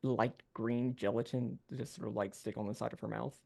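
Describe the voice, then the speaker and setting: A man narrating as game master in a rambling, halting way with many fillers. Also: medium pitch, fairly even intonation, vocal fry, dark tone.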